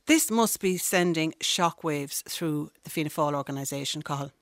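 A woman presenting live radio, brisk, cutting in on guests to keep to time. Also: deep voice, dry recording, studio quality.

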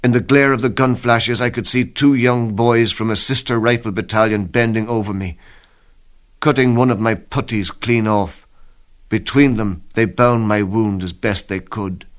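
A man giving a dramatic first-person reading of a soldier's diary in a grave, measured way, often sinking to hushed tones. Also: fairly low pitch, steady tone. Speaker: diary reader.

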